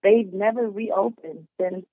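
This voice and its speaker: A woman phoning in to a podcast, chatting in a friendly way with a gravelly voice. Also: mid-range voice, steady tone, slow, no room sound. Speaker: caller. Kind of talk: casual phone call-in. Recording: tinny phone line.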